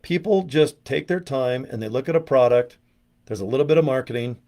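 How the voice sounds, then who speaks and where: A man giving a rambling, brash and profane motivational sales pitch, breaking into mocking voices as he goes. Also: lively intonation, a little fast, a little mellow. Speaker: network marketing promoter.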